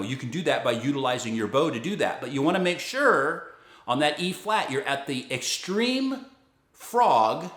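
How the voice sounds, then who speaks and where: A man teaching violin, patiently explaining fingerings and bowing and counting beats out loud. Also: medium pitch. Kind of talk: instructional explanation. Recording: echoey room with loud violin playing.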